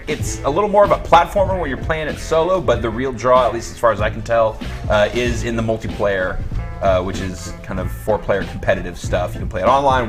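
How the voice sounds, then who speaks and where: Dry-joking man hosting a game show. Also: mid-range voice. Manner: dry, deadpan jokes. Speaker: video game show host. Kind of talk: casual group banter. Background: game music.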